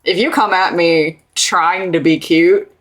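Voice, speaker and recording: A woman's voice: on the low side, fairly even intonation, takes it slowly, fairly bright tone. A woman streamer reacting to a video in casual chat, laid-back, giggly and casually swearing.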